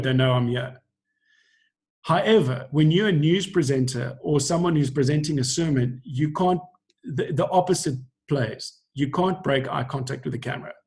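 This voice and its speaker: A middle-aged man with a fairly high voice coaches a group over a video call. He explains in an earnest, teacherly way. He often slips into short acted-out lines to make his point. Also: darkish tone. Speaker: acting coach.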